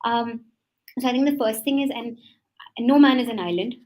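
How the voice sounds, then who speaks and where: A woman's voice: a little high, a little mellow, rough recording. Thoughtful Indian woman founder on a panel. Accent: Indian English. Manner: thoughtful, measured, frequent ums. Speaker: startup founder guest. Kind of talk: webinar panel discussion.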